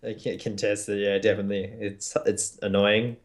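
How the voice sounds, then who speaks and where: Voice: low-pitched, flat delivery, brisk. A podcast co-host talking casually in a group chat, laid-back and rambling with mock exasperation.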